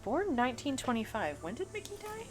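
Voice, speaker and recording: A woman's voice: sits high, wildly swooping pitch, a little fast. A woman with a Missouri Bootheel twang, chatting casually while streaming a mystery game, thinking aloud and reading chat. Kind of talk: livestream gameplay commentary. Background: game music and cicadas.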